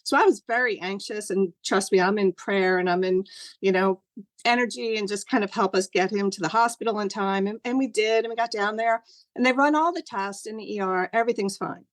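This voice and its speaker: A woman's voice: medium pitch, fairly quick, no echo. Earnest middle-aged woman recounting a story. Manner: earnest, rambling, many fillers. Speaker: guest sharing a personal story. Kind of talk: personal storytelling.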